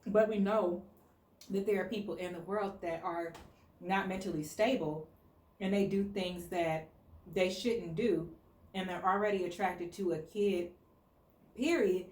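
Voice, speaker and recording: A woman's voice: fairly low pitch, a little slow, a little mellow. An American woman hosting a casual discussion, talking earnestly and with strong opinions, with many "like" fillers. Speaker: host. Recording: echoey room.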